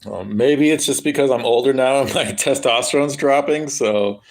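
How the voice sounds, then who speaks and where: A man's voice: mid-range voice, normal speed. A young man live streaming, chatting casually in a rambling, crude, joking way with lots of ums.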